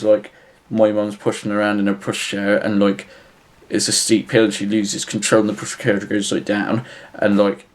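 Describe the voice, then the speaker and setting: Male vlogger, lowish voice, deadpan rambling advice full of fillers. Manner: rambling, halting, filler-heavy; flat, matter-of-fact. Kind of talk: deadpan comic advice vlog.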